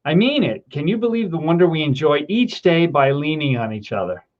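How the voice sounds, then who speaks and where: Thanking his viewers, a middle-aged man on a casual livestream gets teary, laughing between words and rambling through many ums as he reads their comments. His voice is fairly high, expressive and fairly quick, with the highs cut off.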